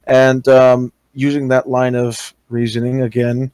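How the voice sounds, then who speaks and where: A young man talks in a casual, halting way, often pausing on fillers and restarting sentences. His voice sits at an ordinary middle pitch. The sound is close and dry, with no room echo. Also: completely flat delivery, a little mellow, clean tone. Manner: hesitant, many fillers and restarts. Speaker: interviewee recounting experiences. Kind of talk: casual voice-call talk.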